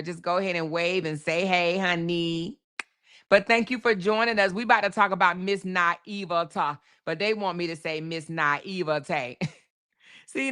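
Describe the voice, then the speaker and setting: A woman's voice: lowish voice, sharp tone, clean tone. A woman hosting a casual livestream, chatting with viewers, reading their messages aloud and drawing out names with a laugh. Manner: chatty, drawls names, reads super chats aloud, laughs often. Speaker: livestream host. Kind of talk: casual live chat with viewers.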